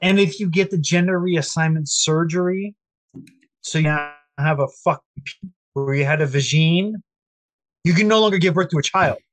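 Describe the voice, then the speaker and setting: A man's voice: a little high, normal speed, no room sound. Profane man mocking on a call. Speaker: podcast co-host. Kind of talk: casual chat.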